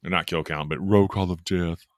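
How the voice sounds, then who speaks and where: A man's voice: low-pitched, fairly even intonation, fairly quick, dry recording, clean studio sound. A man co-hosting a podcast, rambling through a casual recap with amused laughs. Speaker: podcast co-host. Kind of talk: casual chat recapping a horror film.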